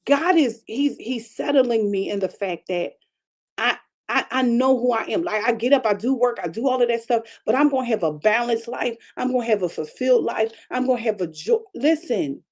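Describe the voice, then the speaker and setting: A woman pastor preaching a conversational broadcast sermon, chatty and animated, repeating phrases and calling out to her congregation. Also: on the high side, moderate pace. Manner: chatty, repetitive, calls out to the congregation; animated preaching with frequent restarts.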